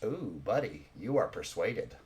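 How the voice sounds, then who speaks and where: A man's voice: on the low side, big pitch swings, measured pace, noisy background. A man narrating a tabletop game as game master, with loose, slangy asides.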